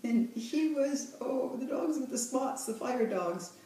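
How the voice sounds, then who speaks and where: A woman tutor coaches a reader one-on-one, patient and quick with praise. Her voice is mellow and dark, picked up from some distance away. The room is strongly echoey, with a faint hiss underneath. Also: high-pitched, expressive. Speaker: reading tutor.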